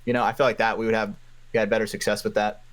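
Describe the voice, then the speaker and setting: A man's voice: lowish voice, very fast. A man telling paintball stories as a podcast guest in casual chat, swearing freely. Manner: animated storyteller, heavy swearing.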